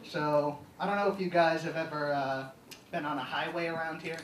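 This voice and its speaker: A young man doing a stand-up comedy set, deadpan and halting with many ums, on a live comedy stage. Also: a little high, slight background noise. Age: young adult. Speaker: student stand-up comic. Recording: echoey hall, distant mic, audience laughter.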